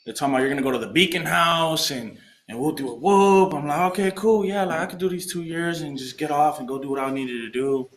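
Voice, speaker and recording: A man's voice: a little high, quick pace. A young man tells his recovery story to a group in casual, slangy talk, acting out the voices of people he quotes. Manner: animated, acts out quoted voices, streetwise slang. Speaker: alumni speaker sharing recovery story. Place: meeting room. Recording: echoey room.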